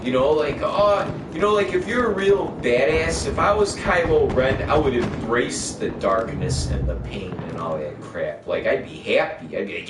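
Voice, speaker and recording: A man talks through a gaming livestream, rambling and cursing as he airs strong opinions. His voice sits at a middling pitch and sounds set back from the mic, with a roomy echo and steady noise underneath. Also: moderate pace, hardly any pauses, recorded from a distance. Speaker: game streamer. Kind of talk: casual gaming livestream chat.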